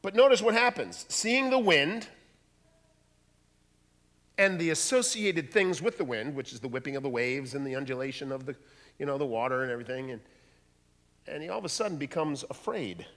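A man preaching a sermon, dramatic, dropping to a hush and rising to loud bursts. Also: on the high side, lively intonation, normal speed, long pauses. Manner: dramatic, swings from hushed to loud. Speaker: pastor. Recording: long hall reverb.

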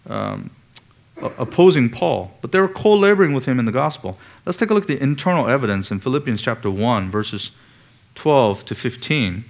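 A man's voice: mid-range voice, creaky. A man preaching an expository sermon, asking the congregation pointed rhetorical questions and pressing on key words.

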